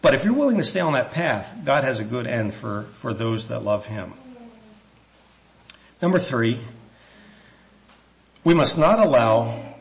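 A man preaching a sermon in a church, earnest and measured, with some hesitant restarts, slowing down when he reads scripture. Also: mid-range voice, sing-song, gravelly.

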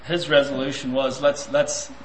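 A man's voice: mid-range voice, flat delivery, moderate pace, echoey room, a little hiss or hum, poor audio. A man preaching a sermon, reflective and full of rhetorical questions.

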